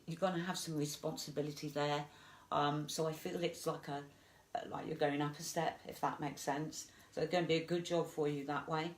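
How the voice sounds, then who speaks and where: Echoey-voiced woman giving a psychic reading. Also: low voice. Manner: gentle, reassuring, halting with fillers. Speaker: psychic medium. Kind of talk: live-streamed psychic reading. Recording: echoey room.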